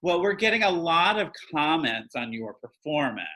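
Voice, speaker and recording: A man's voice: fairly high pitch, sing-song, normal speed, pushed and bright. A man hosting a casual online interview show, upbeat and effusive, repeating his praise. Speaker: host.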